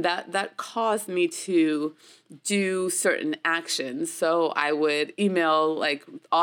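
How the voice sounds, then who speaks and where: A chatty American actress tells her story in a relaxed interview. Her voice sits a bit low, and she breaks into laughter often and leans on fillers as she talks. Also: clean tone. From United States.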